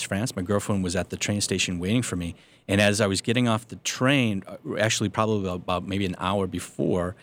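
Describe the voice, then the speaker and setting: Low-voiced priest telling his story. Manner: earnest storytelling with self-deprecating humor. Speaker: Catholic priest. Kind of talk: personal faith testimony.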